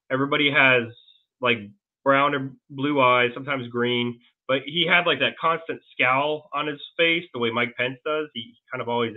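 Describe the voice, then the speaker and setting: A man being interviewed as a guest, telling a long story in a rambling, halting way with many restarts. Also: mid-range voice. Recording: tinny phone-like line.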